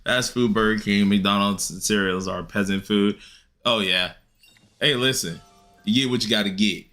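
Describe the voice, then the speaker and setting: A young adult man chatting casually and rambling while he streams a game, leaping into high excited yelps. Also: normal speed, faint music behind. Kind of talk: casual gaming stream chat.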